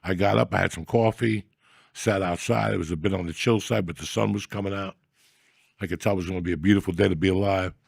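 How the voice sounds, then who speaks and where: A middle-aged man hosting a podcast, talking in a rambling, profane, mock-gruff comic style. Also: low-pitched, fairly even intonation, fast talker, no echo, studio quality. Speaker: podcast host. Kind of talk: casual comedic rant.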